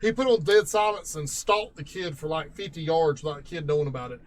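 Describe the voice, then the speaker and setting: Relaxed man hosting a gaming show. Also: a little high, a little fast. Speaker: talk show host. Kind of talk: casual interview.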